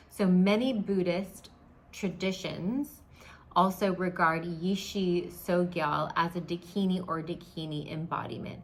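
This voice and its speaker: Chatty woman with a lowish voice. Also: fairly bright tone. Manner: chatty, restarts often, laughs at herself. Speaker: spiritual teacher. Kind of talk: casual spoken teaching to camera.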